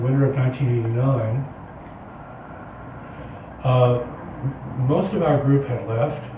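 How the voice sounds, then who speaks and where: A man giving a personal storytelling talk as guest speaker at a spiritual center, earnest and rambling, often restarting his sentences. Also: medium pitch. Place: meeting hall, indoors. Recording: echoey hall, distant mic, background noise.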